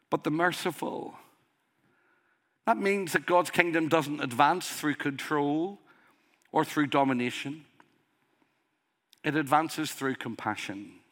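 Slow, bright-voiced preacher with a strong accent. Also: male voice, a little high. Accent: strong accent he calls a dialect. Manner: earnest, emphatic preaching with rhetorical questions. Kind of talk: sermon.

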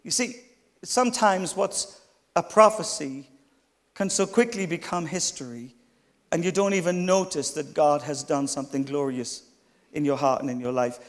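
With a fairly high pitch and a moderate pace, a middle-aged man tells stories through his sermon and makes friendly, humorous asides to those listening in the pews. The sound carries a long hall reverb.

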